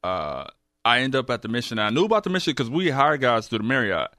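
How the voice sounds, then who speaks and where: A man talking casually as an interview guest, halting, with many fillers and restarts. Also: medium pitch, sing-song, bright, forceful tone, no echo, studio quality. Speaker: guest, recovery program graduate.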